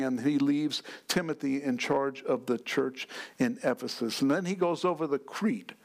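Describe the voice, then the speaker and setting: A man preaching a sermon as pastor, in an earnest, unhurried delivery. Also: medium pitch.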